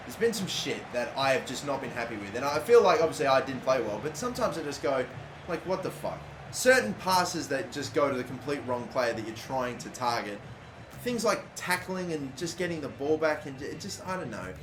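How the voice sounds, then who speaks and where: A young man commentating his own football video game, swearing constantly and bursting into loud, frustrated outbursts. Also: mid-range voice, lively intonation, brisk. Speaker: gaming YouTuber. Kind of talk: live gameplay commentary. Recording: echoey room, faint background noise.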